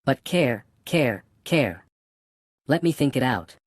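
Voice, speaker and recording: Un hombre interpreta a un inglés cansado y meditabundo que habla despacio y con reflexión; voz media y seca. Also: male voice, medium pitch, animated, dry recording, clean studio sound. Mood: musing. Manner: musing, deliberate. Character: Sydney Carton, weary brooding Englishman.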